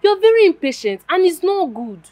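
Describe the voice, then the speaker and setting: A woman's voice: very high voice, big pitch swings, a little fast, mellow, dry recording. An actress with a Nigerian accent playing a young woman firmly reproaching her brother. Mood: reproachful. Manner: firm, reproachful. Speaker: actor. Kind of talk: film drama acting.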